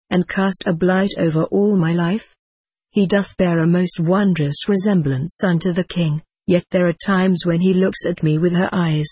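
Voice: medium pitch, a little mellow, slightly rough, no room sound, close to an everyday voice. A reader voicing a vengeful bitter queen. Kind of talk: audiobook character reading.

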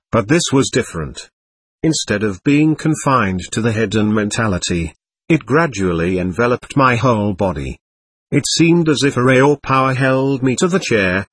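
A man reading a first-person memoir aloud at a measured, steady pace. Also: mid-range voice, husky, no room sound.

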